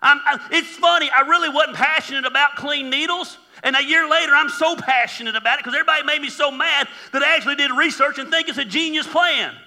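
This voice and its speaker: Man, pastor, sermon, very bright tone, long hall reverb, joking asides. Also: extremely high pitch, fast talker, few pauses. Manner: conversational and joking, with mocking asides. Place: church auditorium.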